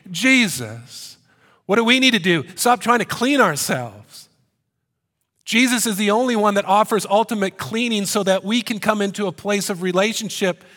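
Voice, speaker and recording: A man delivering a sermon as a pastor. He speaks in an animated way, mixes in joking asides, and pushes his voice up in pitch and volume to make a point. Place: church hall. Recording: long hall reverb.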